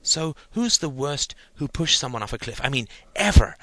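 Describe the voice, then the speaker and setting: A man's voice: a little high, expressive, pushed and bright, no echo, voice pushed up, exaggerated voice. A man voicing a curious, earnest six-year-old boy who stumbles over his questions in an audiobook. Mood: eager. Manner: eager, halting, full of questions.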